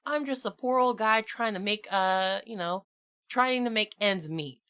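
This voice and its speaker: A woman's voice: medium pitch, measured pace, fairly bright tone, smooth, natural voice. A woman voicing a folksy male monster merchant in a cowboy hat, with a Southern accent and a friendly salesman's drawl. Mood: reassuring.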